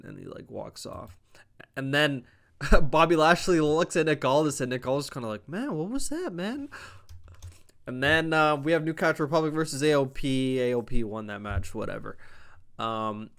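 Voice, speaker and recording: A young man casually recapping a wrestling show, rambling, swearing often and jumping into animated voices when he quotes people. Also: medium pitch, clear, resonant tone. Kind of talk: casual chat.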